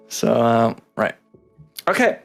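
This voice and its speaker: Slow, laid-back male game master. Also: medium pitch. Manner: laughing, swearing, playful teasing. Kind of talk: narrating a tabletop game.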